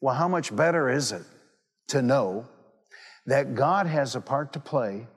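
A male pastor delivers a sermon in a church. His mid-pitched voice carries a long reverb from the big hall around him. He tells his stories with emphatic repetition. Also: animated, a little slow, slightly rough. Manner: storytelling, repeats phrases for emphasis.

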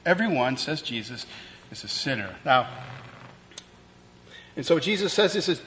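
A man's voice: medium pitch, very animated, moderate pace, long pauses, a bit bright. A man preaching a sermon in a conversational way, with fillers and restarts as he explains the text. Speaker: pastor. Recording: long reverb, faint ambient noise.

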